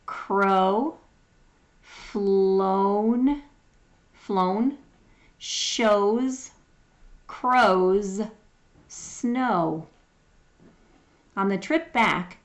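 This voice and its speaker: A woman teaching phonics, sounding out words one at a time in a patient, drawn-out way as she reads through a lesson. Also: mid-range voice, gravelly. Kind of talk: slow phonics lesson reading.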